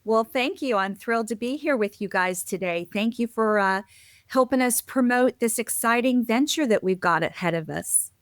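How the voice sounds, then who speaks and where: A woman's voice: fairly high pitch, moderate pace, dry recording, clean studio sound. Upbeat woman podcast guest. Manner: upbeat, enthusiastic. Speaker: guest, conference organizer. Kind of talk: casual interview chat.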